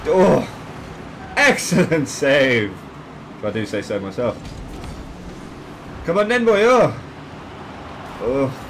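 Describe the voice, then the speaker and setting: A man commentating his own gameplay excitedly, yelping, swearing and shouting at each play. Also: medium pitch, slow, pauses often, a little hiss or hum, rough recording. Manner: excitable, yelps and shouts at plays, swears, laughs often.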